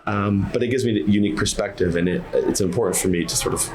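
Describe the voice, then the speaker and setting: Very deep-voiced man, thoughtful and halting. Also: darkish tone. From United States. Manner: thoughtful, halting, many fillers and restarts. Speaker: interview guest. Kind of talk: casual interview chat.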